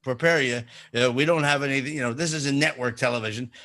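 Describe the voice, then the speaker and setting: Bright-voiced joking Jersey host. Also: male voice, medium pitch, fairly even intonation, quick pace. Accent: New Jersey. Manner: joking, rambling, self-interrupting. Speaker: radio show host. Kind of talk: casual radio chat.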